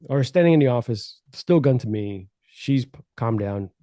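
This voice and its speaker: A man's voice: mid-range voice, normal speed, dry recording. Man telling a story in a dry recording. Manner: animated, profane storytelling, voices the people in his story. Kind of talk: casual podcast storytelling.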